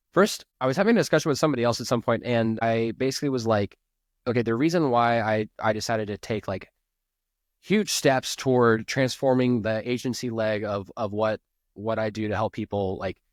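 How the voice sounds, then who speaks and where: A man's voice: mid-range voice, normal speed, dry recording, studio quality. Rambling, earnest man as a podcast guest. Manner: rambling, earnest, heavy use of "like", restarts. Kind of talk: podcast interview.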